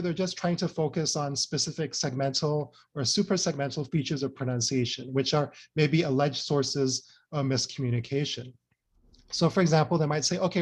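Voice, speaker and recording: A man giving an academic presentation, earnest and loose, with many fillers and frequent "right?" checks. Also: on the high side. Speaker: speaker presenting a talk.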